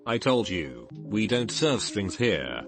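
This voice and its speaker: A man reading the lines of an apologetic bartender in an even, read-aloud way. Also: lowish voice, slow pace, over music, full character voice. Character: apologetic male bartender, adult.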